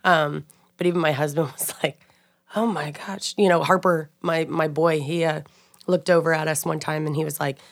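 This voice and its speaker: A woman's voice: sits low, little pitch movement, fairly quick, vocal fry. A woman in casual podcast chat, laughing often. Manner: laughs often, uses y'all. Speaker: guest.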